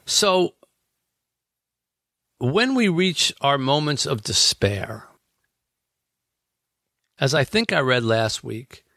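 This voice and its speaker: A guy chatting thoughtfully about his book, lively up-and-down pitch, dry sound. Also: drawn-out words, creaky, long pauses, no room sound. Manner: earnest, explains with everyday examples. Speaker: author discussing his book. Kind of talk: reflective conversation.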